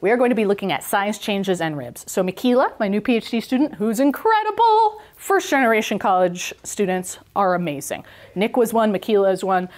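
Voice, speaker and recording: A woman's voice: mid-range voice, expressive, a little fast, a little mellow. A woman professor giving a public science talk in an enthusiastic, jokey, storytelling way. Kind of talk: lively science lecture to a club. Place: in-person talk in a meeting hall.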